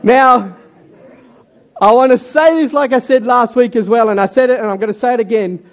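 High-voiced male preacher. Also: normal speed. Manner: jokey and conversational. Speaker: pastor. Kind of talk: sermon.

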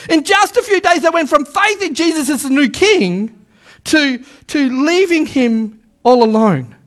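High-pitched preacher, animated. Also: male voice. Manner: animated, calls on congregation to repeat lines; stammers restarts, repeats words for emphasis. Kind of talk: sermon. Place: church service with a live congregation.

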